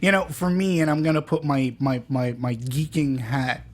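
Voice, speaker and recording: Male podcast host, casual film chat, halting and chatty, mid-pitched. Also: steady tone. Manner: chatty, halting with restarts and laughs. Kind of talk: casual movie review chat.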